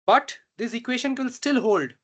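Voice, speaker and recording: A man teaching a reinforcement learning tutorial, slow and halting, often pausing to check that students follow. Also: extremely high pitch. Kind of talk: online math tutorial.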